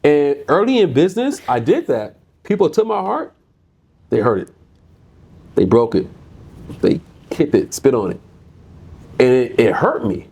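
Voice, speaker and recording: A man's voice: mid-range voice, unhurried, gravelly, long pauses, breathy edge. Middle-aged American man, business guest, chatty storyteller who repeats himself, casual interview. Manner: animated storyteller, repeats words often. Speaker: guest, insurance business owner.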